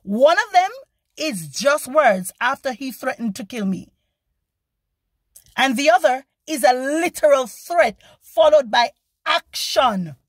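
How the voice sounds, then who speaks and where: A woman vlogger telling a story in a casual, animated and indignant way, acting out the people she quotes. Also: high-pitched, slow pace, dry recording.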